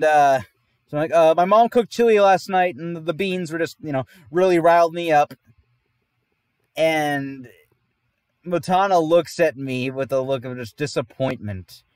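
Male podcast host, slightly high voice, dry close sound, rambling anecdote with frequent laughs. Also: no echo. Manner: rambling, laughs often mid-sentence. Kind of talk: casual storytelling.

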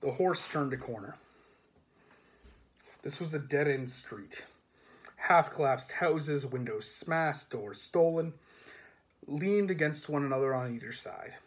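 A man narrates a novel aloud in an audiobook style. His voice sits a little high, and he keeps a steady, measured pace. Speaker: reader.

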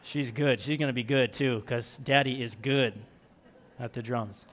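A man's voice: mid-range voice, unhurried, a bit bright. A man giving a children's message in church, reading a story and leading the kids in call-and-response. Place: church sanctuary.

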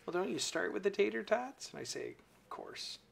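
A woman's voice: mid-range voice, big pitch swings, moderate pace, vocal fry, background noise, voice pushed up. A woman voicing a chatty, folksy home cook with a Midwestern US accent. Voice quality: folksy, homespun.

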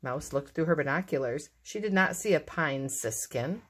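A woman reading a children's storybook aloud in a lively, expressive way. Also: deep voice, moderate pace, breathy edge. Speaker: narrator.

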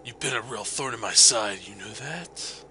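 A man voicing a menacing male game villain in a slow, low, drawn-out way while reading game dialogue aloud. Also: lively intonation, pushed and bright, a little hiss or hum. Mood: smug.

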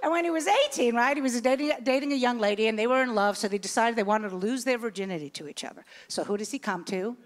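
Brash high-voiced woman in her sixties. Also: fast, hardly any pauses. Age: 60s. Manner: brash, animated storytelling with acted-out voices. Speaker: stand-up comedian. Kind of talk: stand-up comedy set.

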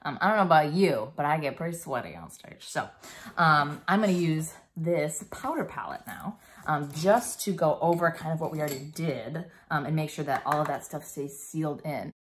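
Low-voiced, playful woman teaching makeup. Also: lively intonation, normal speed, a little hiss or hum. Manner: playful, chatty, lots of fillers and sound effects. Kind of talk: casual demonstration for kids.

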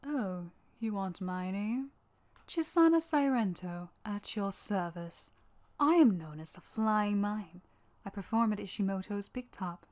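A woman's voice: medium pitch, expressive, measured pace, a little mellow, natural voice. A woman voicing a playful non-binary circus mime who talks in a teasing, theatrical way, in a voice acting audition.

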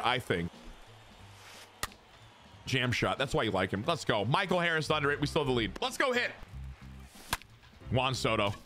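Excitable young man streaming a game. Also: medium pitch. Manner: excitable, joking, talks to chat, bursts into shouts. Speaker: gaming streamer. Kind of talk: casual gameplay commentary.

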